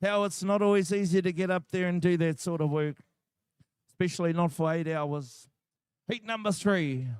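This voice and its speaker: A man's voice: high-pitched, normal speed, a little mellow, clean tone, dry recording, clean studio sound. A man with a New Zealand accent announcing a shearing contest, joking and chatting with the crowd. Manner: jokey, chatty, banters with the crowd. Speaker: competition announcer. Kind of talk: live event commentary over a PA.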